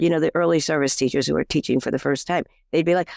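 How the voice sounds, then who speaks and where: Fast-talking and creaky, this woman's voice sits on the low side, captured dry with clean studio sound. As a life coach on a podcast, she chats loosely with fillers and restarts, animating her stories by acting out what people said.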